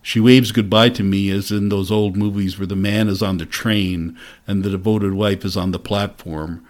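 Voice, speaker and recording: A man giving measured, reflective first-person narration of a novel for an audiobook. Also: deep voice.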